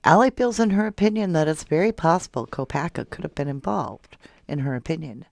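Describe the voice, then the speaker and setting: A soft-spoken woman hosting a true crime livestream, reading viewer comments aloud and calling her viewers love and honey. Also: low-pitched, fairly quick, vocal fry, no echo, studio quality. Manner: affectionate toward viewers, calls them love and honey. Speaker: true crime channel host.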